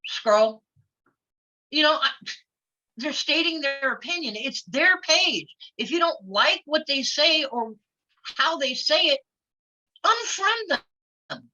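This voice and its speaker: Outspoken woman guest, fairly high bright voice, dull lo-fi sound. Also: animated, takes it slowly, pauses often. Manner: outspoken and blunt, laughs easily. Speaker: guest, former wrestler. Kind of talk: casual interview chat. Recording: lo-fi audio.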